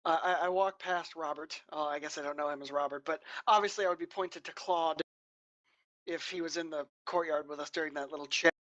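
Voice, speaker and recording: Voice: medium pitch, steady tone, a little fast, fairly bright tone, no room sound, dull audio. A player at a tabletop game, joking and teasing in casual banter.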